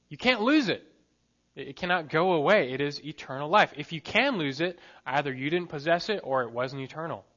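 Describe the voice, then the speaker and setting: A man preaching an expository sermon as pastor, emphatic, asking the listeners questions and slowing down on key words. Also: a little high, sharp tone, lo-fi sound.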